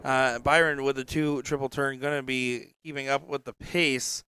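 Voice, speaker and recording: A man's voice: mid-range voice, flat delivery, normal speed, sharp tone, a little hiss or hum. A man doing live darts commentary with casual, joking asides. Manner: chatty, joking, rambling asides. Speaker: dart commentator.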